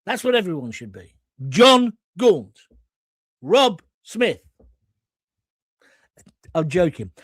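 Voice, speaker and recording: A blunt man hosts a live stream, reading viewer comments aloud and firing back jokes and jabs. His voice sits high and swings widely in pitch. The sound is close and dry. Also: sing-song, slow, long pauses, husky, no echo. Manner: blunt, combative and jokey. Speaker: host.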